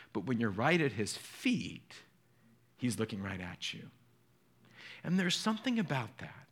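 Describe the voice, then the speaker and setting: Earnest man preaching a sermon. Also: mid-range voice. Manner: earnest, emotional storytelling with soft, hushed drops. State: choked up. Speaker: pastor.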